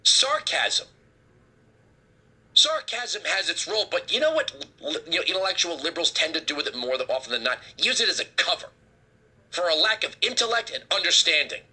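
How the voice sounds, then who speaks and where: Male talk host, high and sharp-toned, husky, ranting with sarcasm. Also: very animated, fairly quick. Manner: heated, sarcastic, emphatic. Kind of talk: political commentary rant.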